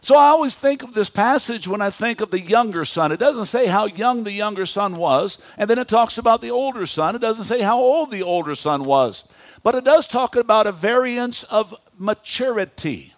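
A man in his fifties preaching a sermon in a church, animated, asking the congregation questions. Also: high-pitched, moderate pace, dry recording. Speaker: pastor.

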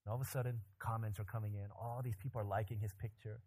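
A pastor preaching a sermon, animated and joking, with loud emphatic climbs in his voice. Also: on the low side, fast, few pauses, husky.

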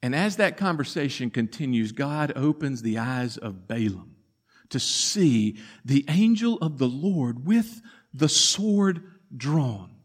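A man preaching a sermon, telling the story dramatically and swinging from loud to hushed. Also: mid-range voice, sing-song, slow. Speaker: pastor.

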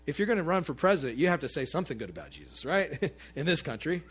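A man preaching a sermon to his congregation in a conversational, animated way, with asides to the listeners. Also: a little high, fast talker, breathy edge. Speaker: pastor.

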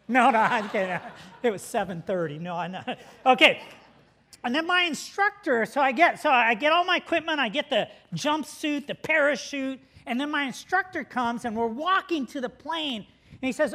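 Animated and at a moderate pace, a middle-aged pastor preaches to his flock with a bright, high voice. He recounts a story, chuckles along with it, and bellows the lines he quotes.

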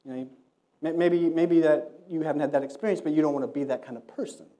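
Conversational male preacher, mellow tone. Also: fairly high pitch. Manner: conversational, animated, acts out quoted voices. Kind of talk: sermon with storytelling.

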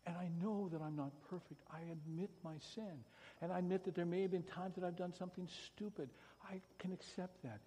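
A pastor giving a sermon, shifting from hushed, pleading passages to loud, emphatic preaching. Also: male voice, high-pitched, fairly even intonation, fairly quick, husky, long reverb tail.

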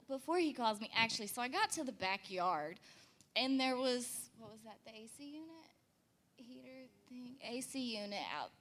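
A young woman casually telling a funny story about her husband, acting out quotes with big jumps in pitch and laughing often.

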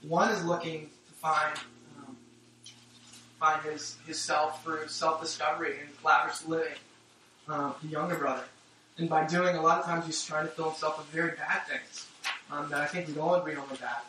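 A man's voice: a little high, little pitch movement, normal speed, pushed and bright, a little hiss or hum. A man giving a casual, conversational sermon with many fillers and restarts, recorded from a distance in an echoey room. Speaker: preacher.

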